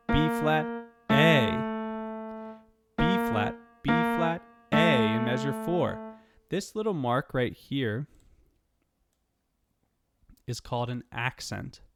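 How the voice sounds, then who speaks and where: Slow, patient male piano teacher. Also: medium pitch, gravelly, no echo, studio quality. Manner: patient, counts notes aloud while playing. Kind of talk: step-by-step piano lesson. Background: piano playing.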